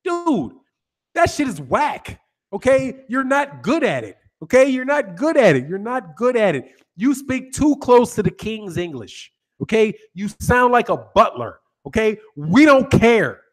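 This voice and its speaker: An American host of a boxing channel talks a little slowly in a high-pitched, sing-song voice. His casual rant is laced with swearing, teasing and frequent laughter.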